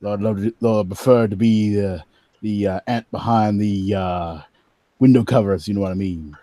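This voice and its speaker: A man's voice: lowish voice, moderate pace, dark tone, dry recording, lightly acted. A man voicing a young male university student, dreamy and flustered, with a put-on English accent and a stammering, pleading way of talking.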